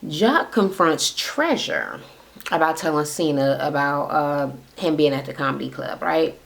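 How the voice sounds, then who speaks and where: Gravelly-voiced woman doing a blunt recap. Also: low-pitched, unhurried. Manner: blunt and sarcastic, with frequent swearing; talks to camera at home. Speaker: reality TV recap vlogger. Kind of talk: casual, profane recap chatter.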